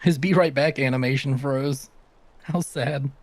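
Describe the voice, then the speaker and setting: A man's voice: medium pitch, steady tone, unhurried, no echo. A man from the American South, chatting and teasing casually on a live stream, laughing often.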